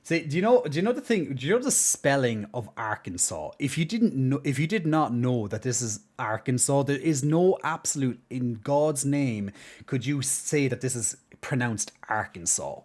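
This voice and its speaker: A man's voice: mid-range voice, expressive, normal speed, a little mellow. A man from Ireland chatting casually on a live stream, rambling and trailing off into mumbled asides. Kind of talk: casual stream chat reacting to a video.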